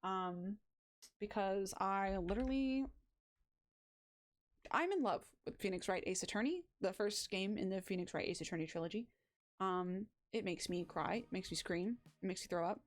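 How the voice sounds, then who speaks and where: A young woman streaming a game, chatting casually in a gushing, excitable, rambling way, from a home setup. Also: medium pitch, moderate pace. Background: faint background music.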